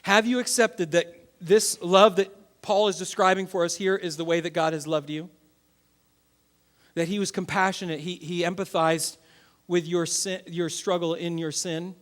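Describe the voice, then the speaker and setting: A man in his thirties, a pastor preaching a sermon to his church, swinging between loud bursts and quiet, earnest passages. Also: high-pitched, steady tone, normal speed.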